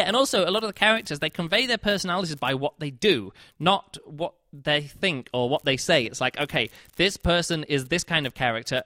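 A man's voice: a little high, bright, forceful tone, dry recording, studio quality. Chatty man rambling through a book review. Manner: rambling, chatty, with many fillers and restarts. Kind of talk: casual spoken book review.

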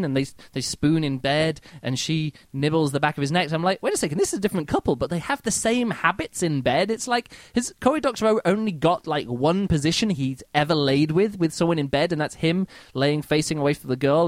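A man's voice: a little high, dry recording. A man hosting a podcast, casually reviewing a book in an exasperated, mocking way. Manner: exasperated, mocking, animated, reads quotes aloud.

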